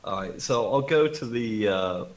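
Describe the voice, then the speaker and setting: Lively low-voiced man at the game table. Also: a little slow, low-quality recording. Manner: lively, jokey, self-mocking. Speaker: player.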